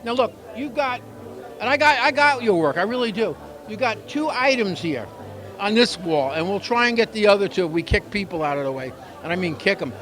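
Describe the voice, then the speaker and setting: A man's voice: high-pitched, animated, fairly quick, fairly bright tone, some chatter behind. A man hosting a local TV show on location at a busy photography exhibition opening, chatting and joking with a handheld mic. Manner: chatty, joking, rambling asides. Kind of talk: casual on-location interview.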